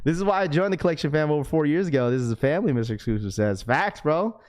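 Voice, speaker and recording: A man with a raspy voice hosting a sneaker livestream, chatting casually in slang and reading chat messages aloud. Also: fairly high pitch, expressive, rapid-fire, a little mellow. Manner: laid-back, slangy, full of fillers.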